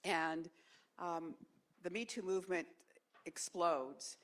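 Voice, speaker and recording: Low-pitched woman, ex-congresswoman, steady and measured, lots of ums. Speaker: former House member on a lecture panel. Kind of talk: conversational panel talk.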